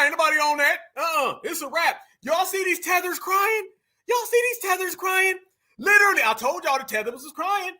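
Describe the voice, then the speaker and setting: A man with a very high, sharp, bright voice, loud and taunting as he mocks the clips he reacts to. His delivery is slangy and scornful, pitched well above most men. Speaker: commentary streamer. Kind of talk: mocking reaction commentary.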